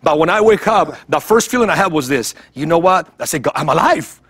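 Male guest for a TV interview, husky and animated, tells an emotional testimony. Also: a little high, brisk. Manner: animated storytelling, acts out voices, repeats words. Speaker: guest evangelist.

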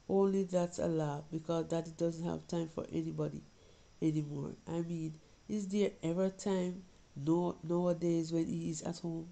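A woman's voice: sits low, gravelly, mellow, poor audio. A woman reading a story as an anxious young Jamaican girl, confiding and pleading with her mother. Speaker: reader of a short story.

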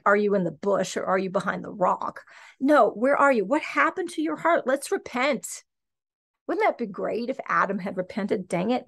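A woman's voice: mid-range voice, fairly bright tone. A middle-aged woman hosting a podcast, teaching the Bible in an earnest, conversational way and often checking in with "okay" and "right". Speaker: podcast host and Christian teacher.

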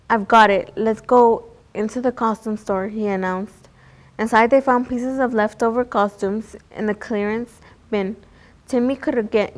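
Woman, children's book reader, medium pitch, plain reading, small restarts. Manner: plain read-aloud with small slips and restarts. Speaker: storybook reader.

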